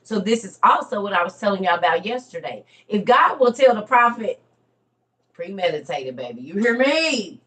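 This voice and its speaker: A woman who makes social media videos, casually telling a story to her viewers and breaking into loud, laughing outbursts. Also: mid-range voice, expressive, normal speed. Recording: voice a bit far from the mic.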